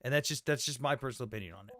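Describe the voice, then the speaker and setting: A man's voice: medium pitch, racing, a bit bright, no room sound, studio quality. A man hosting a livestream debate in casual chat, blunt and jokey, swearing freely.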